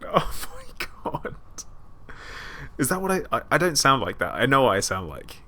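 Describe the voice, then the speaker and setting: A man's voice: mid-range voice, very animated, fast talker, bright, forceful tone. A British man hosting a casual gaming stream, chatty with frequent ums and laughs. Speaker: streamer host.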